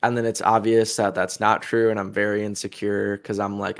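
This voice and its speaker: A man's voice: lowish voice, flat delivery, normal speed, creaky, hardly any pauses. A young adult man, a musician being interviewed, talking in a laid-back, profane, casual way and laughing often.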